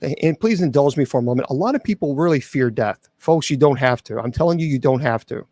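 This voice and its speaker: Middle-aged male host, earnest testimony, stops and restarts, mid-pitched, dry close mic. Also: expressive, a little mellow, no echo. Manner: earnest, halting with restarts and fillers. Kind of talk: personal testimony to an audience.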